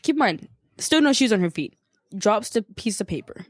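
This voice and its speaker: Animated young woman telling a story. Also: normal speed, husky, dry recording, clean studio sound. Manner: animated, swearing, acting out quotes in a higher voice. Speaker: podcast co-host. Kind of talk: casual storytelling chat.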